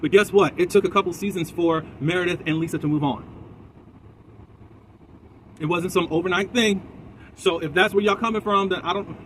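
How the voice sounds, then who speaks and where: A man giving an animated, opinionated, chatty recap of a reality TV episode, talking from a car. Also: sits high, moderate pace, pauses often, slight background noise. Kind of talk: casual episode recap commentary.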